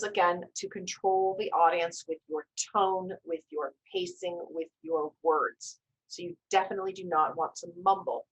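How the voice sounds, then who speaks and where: A woman teaching a storytelling class on a video call, coaching with gentle reassurances and casual self-corrections. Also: mid-range voice, poor audio. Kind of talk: live online class, instructive and conversational.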